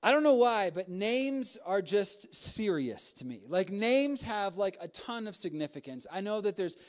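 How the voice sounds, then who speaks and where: In a sermon for young adults, this young preacher shares humorous fatherhood stories, laughing often and adding asides. His voice sits high and is very animated, delivered at a measured pace.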